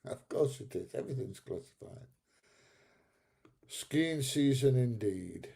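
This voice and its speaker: A man's voice: mid-range voice, expressive, slow, creaky, warm tone, breathy edge. A man in his seventies hosting a live stream, reading out chat comments and bantering back at trolls with frequent laughs. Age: 70s. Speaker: livestream host reading chat.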